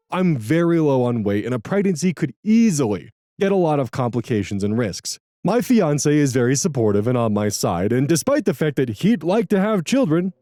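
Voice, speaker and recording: Animated male story reader, dry sound. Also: mid-range voice, no echo. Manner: expressive, animated, quick asides. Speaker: channel host reading online posts. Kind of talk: storytelling reading with commentary. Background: faint lofi music.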